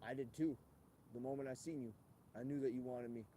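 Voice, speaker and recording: Outdoors at a golf course, a livestream host delivers a rambling monologue full of rants and profanity. His mid-range voice is steady and mellow, a little fast, with a slight hiss or hum.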